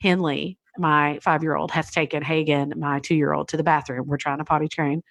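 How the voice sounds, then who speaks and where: Lively, low-voiced woman telling stories. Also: normal speed, no room sound. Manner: lively, chatty storyteller who acts out what others said. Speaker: podcast guest. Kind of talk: casual conversational storytelling.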